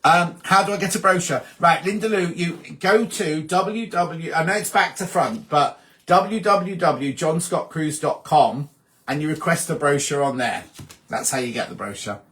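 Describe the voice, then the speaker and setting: A man's voice: a little high, moderate pace. A man hosting a casual live-stream chat, reading out viewer comments and answering them one by one. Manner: chatty, reads out comments and answers them warmly. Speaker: host.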